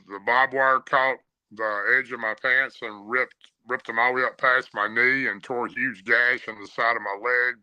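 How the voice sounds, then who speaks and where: A man recounts a frightening encounter as a podcast guest. His voice is intensely bright and crisply clear. He talks plainly, stopping often on "uh", and the sound is dry with no room echo. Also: medium pitch. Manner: plain storyteller with frequent "uh" pauses. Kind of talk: first-person encounter story.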